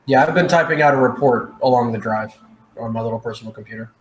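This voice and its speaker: A woman's voice: rumbling low, fast talker, echoey room, a little hiss or hum, low-quality recording. A woman playing a tabletop game, speaking in a clipped, matter-of-fact way. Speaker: player. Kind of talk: casual in-character play.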